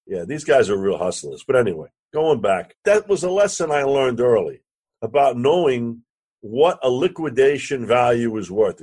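A man, a real estate lender and podcast guest, telling a lively anecdote and acting out the other voices. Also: mid-range voice, slightly rough. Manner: animated anecdote teller, acts out quoted dialogue, curses casually. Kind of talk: storytelling in a podcast interview.

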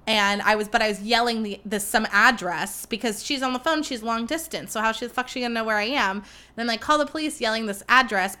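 Bright-voiced chatty woman podcaster. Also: fairly high pitch. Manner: chatty, swearing, lots of fillers and "like". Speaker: podcast host. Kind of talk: casual chat.

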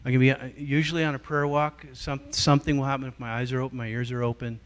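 A middle-aged man with a medium-pitched, smooth voice talks quickly as a guest teacher at a church gathering. He tells lively stories, acting out quoted voices and shifting his delivery as he goes, in a teaching talk to a church group.

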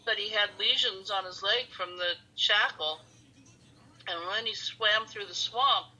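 A woman who is a podcast guest, telling lively anecdotes in conversation. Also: medium pitch, measured pace, slightly rough, low-quality recording.

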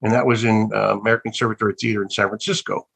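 An older man with a low, gravelly, husky voice tells rambling stories as an interview guest. He circles back and restarts his sentences, wondering aloud about the past in a relaxed, reflective way. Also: racing, low-quality recording. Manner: rambling, with many restarts and trailing thoughts. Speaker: actor and guest. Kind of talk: casual interview storytelling.

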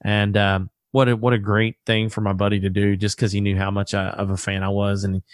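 Deep-voiced man hosting a casual chat. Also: brisk, no echo, studio quality. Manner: animated storyteller, acts out quoted voices. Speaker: podcast host.

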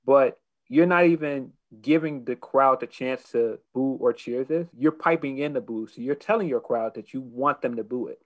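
Man talking wrestling, hesitant and animated. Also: medium pitch, moderate pace, few pauses, low-quality recording. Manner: hesitant, many restarts and fillers, animated when opinionated. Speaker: podcast co-host. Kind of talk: casual wrestling discussion.

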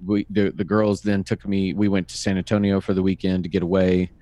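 A man's voice: low voice, level tone, fairly quick, dark tone, no room sound. A man in his fifties, co-hosting a podcast from home, telling stories in a wry, dry casual chat. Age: 50s. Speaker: podcast co-host. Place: home recording room.

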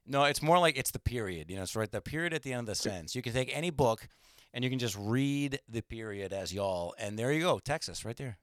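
A man's voice: mid-range voice, fairly quick, no room sound, studio quality. Podcast host guy, casual banter, joking, voice swings around a lot. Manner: joking, animated. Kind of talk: casual chat.

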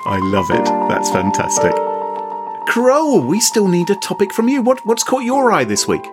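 Animated man, lively pitch. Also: normal speed, over loud music. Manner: animated, jokey, exclamatory. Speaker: podcast co-host. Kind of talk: casual chat.

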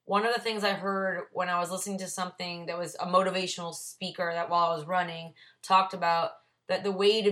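Her voice bright and on the low side, a woman from Ohio, USA, leads an AA Big Book study. She reads a passage, then comments on the notes she has written next to it.

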